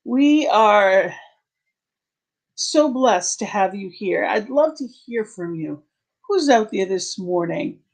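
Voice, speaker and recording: Woman greeting an online congregation. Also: fairly high pitch. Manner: warm greetings to viewers by name, gushing. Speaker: spiritual leader hosting an online service. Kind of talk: welcoming service host talk.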